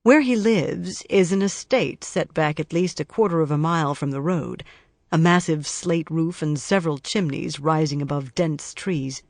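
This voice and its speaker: An audiobook narrator reading a crime novel in an even, measured storytelling manner. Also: medium pitch, vocal fry, no room sound, studio quality.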